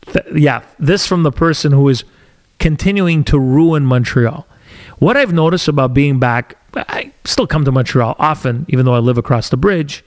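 A man hosting a podcast from a studio, delivering an agitated, sarcastic opinion monologue. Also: medium pitch. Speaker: podcast host.

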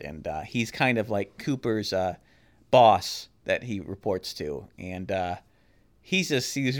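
Rambling low-voiced podcast host, man. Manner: rambling, many fillers and restarts. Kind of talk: casual solo review talk.

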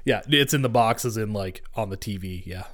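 A man's voice: on the low side, a little fast, a bit bright. A middle-aged man co-hosting a casual chat, swearing freely, laughing often and quoting movie lines in goofy voices. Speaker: podcast co-host.

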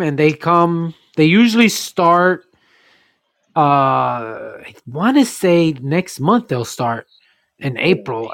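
A man talks casually, slightly high in pitch and close to a dry mic. He tells stories with lively energy and acts out the people he quotes. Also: no room sound. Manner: animated storyteller, acts out quotes with raised pitch. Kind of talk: casual chat.

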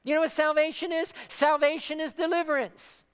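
A woman's voice: sits high, little pitch movement, a little fast, big-room sound. A woman preacher delivering a sermon in an emphatic, repetitive preaching cadence.

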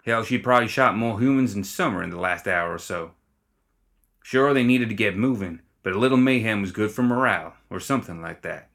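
Low-voiced man reading a story. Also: brisk, gravelly, a bit bright. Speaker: audiobook reader. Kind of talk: scripted fiction narration.

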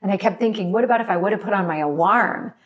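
A woman with a medium-pitched voice speaks quickly over dull-sounding audio. As a guest on a podcast chat, she recounts a frightening personal story, emotional and apologetic, crying at times and restarting her sentences often.

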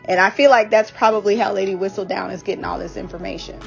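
A woman's voice: medium pitch, steady tone, fast, creaky, dull audio, soft background music. A woman giving a casual, blunt and profane TV recap. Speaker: podcast host recapping a TV series.

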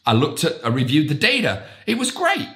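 A middle-aged man, a real estate broker, giving an emphatic, animated motivational talk. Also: fairly high pitch, brisk.

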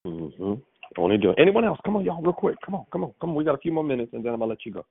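A man, preaching as a pastor on a call line, animated and storytelling. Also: fairly high pitch, rapid-fire, slightly rough, dry recording. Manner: storytelling, animated, lively with asides. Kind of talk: sermon on a prayer call line. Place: phone call. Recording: tinny phone line, dry.

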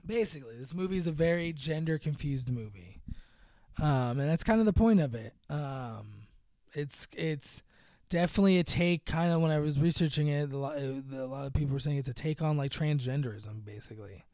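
A man's voice: a little high, animated, a little fast, mellow, no room sound, clean studio sound. A young man casually recapping a movie on a podcast, rambling with many fillers and acting out the characters' lines. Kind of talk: casual chat.

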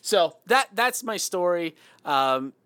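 A man co-hosting a podcast, telling a story about himself in casual chat with lively, self-mocking energy. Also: sits high, slow, smooth, dry recording. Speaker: podcast co-host.

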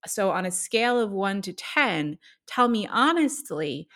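A woman coach co-hosting a podcast, explaining her craft in a casual, animated way with frequent laughs and everyday examples. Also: mid-range voice, a little slow. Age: adult.

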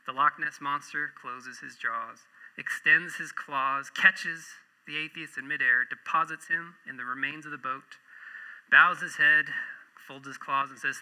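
A middle-aged man preaching a sermon in a church, telling jokes and stories with an animated delivery. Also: medium pitch, a little slow, rough recording. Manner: jokey, animated storyteller. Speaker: pastor.

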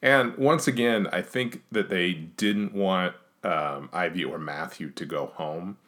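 A woman's voice: extremely low pitch, takes it slowly, a bit bright. A woman co-hosting a podcast in casual chat, adding dry, wry asides. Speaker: podcast co-host.

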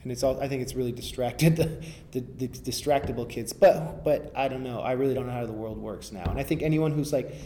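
Mellow-voiced rambling male rapper. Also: mid-range voice, a little fast, hardly any pauses, a little hiss or hum. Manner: rambling, restarts often, enthusiastic. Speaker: rapper and interview guest. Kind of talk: casual interview conversation.

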